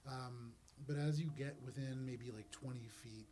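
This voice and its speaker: A man's voice: mid-range voice, fairly even intonation, measured pace, warm tone, a little hiss or hum. Man narrating as game master. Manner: descriptive, slips into character voices.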